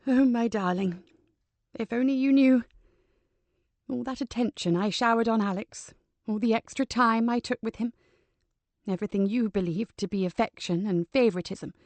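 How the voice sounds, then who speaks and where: A grave, dignified older mother, as a woman narrator puts her on speaks in an even, controlled tone. The delivery is quiet and softly measured, close and dry. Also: a little high, no echo, close to an everyday voice.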